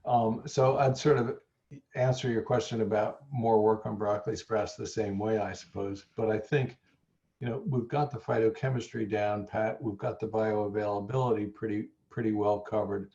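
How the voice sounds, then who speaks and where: A man being interviewed as a nutrition scientist, talking in a thoughtful, halting way with a lozenge in his mouth. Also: on the low side, steady tone, warm tone, dull audio. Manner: thoughtful, stammers on restarts. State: talking around a throat lozenge. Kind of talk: conversational interview.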